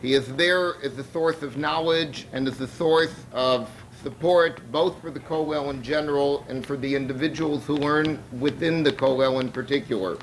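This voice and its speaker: A man acting as master of ceremonies, formally introducing the next speaker in a measured, announcing way. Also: mid-range voice, gravelly, a little hiss or hum, low-quality recording.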